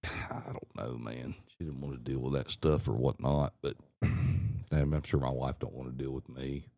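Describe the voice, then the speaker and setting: A man's voice: very deep voice, steady tone, unhurried, dark tone, no room sound, studio quality. A man on a podcast telling a casual, profane family story, laughing and acting out what people said. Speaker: podcast co-host.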